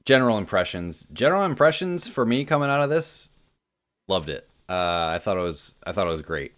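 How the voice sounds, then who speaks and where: A man's voice: lowish voice, sing-song, brisk, fairly bright tone. A man on a podcast giving his impressions in a casual chat, hesitant, with many ums and restarts. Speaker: podcast co-host.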